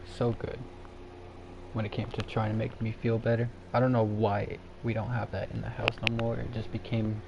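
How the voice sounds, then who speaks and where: A man with a somewhat low voice rambles in an easy, unhurried way during a solo live stream. He drifts from thought to thought and laughs at himself now and then. The audio is a bit dull and lo-fi, with a faint hiss underneath. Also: flat delivery, vocal fry. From Canada. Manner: rambling, laid-back, chuckles at himself. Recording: dull lo-fi sound with faint background noise.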